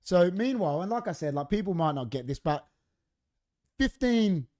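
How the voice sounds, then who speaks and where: Here the co-host's voice is high-pitched and his speed is normal. Chatting casually in the studio, he narrates a story with animation, performing each person's quoted lines.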